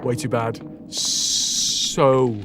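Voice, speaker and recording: A man's voice: medium pitch, little pitch movement, very slow, noisy background. A man streaming a game and casually retelling a legend, rambling, swearing and correcting himself as he goes. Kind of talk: casual storytelling while gaming.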